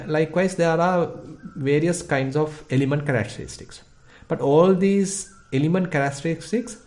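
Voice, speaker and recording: Meditation guidance comes from a Sri Lankan monk who grew up speaking Sinhala and carries a Sri Lankan accent. His warm, mid-range male voice moves at a measured, reflective pace, with plenty of pauses and fillers along the way.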